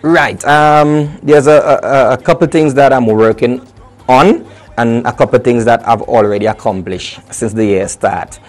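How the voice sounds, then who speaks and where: A young adult man, a soca artist chatting lively and casually in an interview. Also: medium pitch, measured pace. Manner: lively, chatty, full of restarts and local phrasing.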